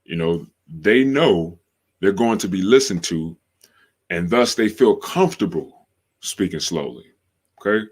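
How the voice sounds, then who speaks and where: Deep-voiced slangy male podcast host. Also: animated, slightly rough. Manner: slangy, drawn-out, repeats phrases for emphasis. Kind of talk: casual livestream podcast talk.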